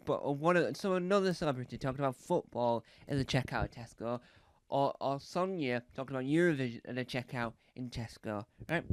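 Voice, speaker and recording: A man's voice: mid-range voice, clear, resonant tone, no room sound, studio quality. Man rambling through comedy bits. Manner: hesitant, full of restarts and asides. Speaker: stand-up comedian.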